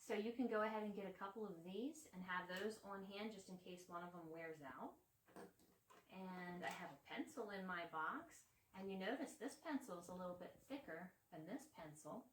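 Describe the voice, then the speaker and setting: A woman teaches a kindergarten lesson in a bright, sing-song voice made for small children. Her voice bounces around a bare classroom. The mic sits some distance away, so she sounds a little distant and hollow. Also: mid-range voice, normal speed, a little hiss or hum. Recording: echoey room, mic set back.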